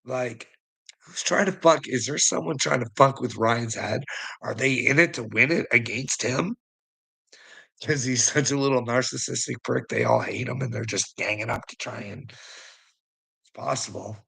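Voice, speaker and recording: A man's voice: medium pitch, moderate pace, vocal fry, bright, forceful tone, breathy edge, rough recording. A man giving rambling casual commentary to a viewer, chuckling often and swearing freely. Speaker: online commentator.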